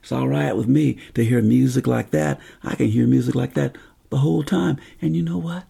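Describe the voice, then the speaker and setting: A man playing a lone, homesick cavalry sergeant on patrol, speaking in a slow, folksy, plainspoken way. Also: mid-range voice, warm tone. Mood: peaceful. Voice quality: gravelly, husky voice. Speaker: historical character monologue. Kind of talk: first-person historical monologue.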